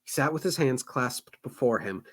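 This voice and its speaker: A man co-hosting a book club show, reading a novel aloud with expressive, animated reactions. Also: mid-range voice, normal speed, slightly rough. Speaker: podcast co-host reading aloud.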